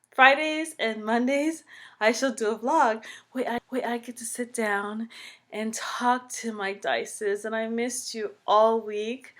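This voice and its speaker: A young woman with a Caribbean English accent chatting to her viewers in a personal vlog, expressive and swinging from loud to soft whispery asides. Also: medium pitch. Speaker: vlogger. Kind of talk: casual personal storytime vlog.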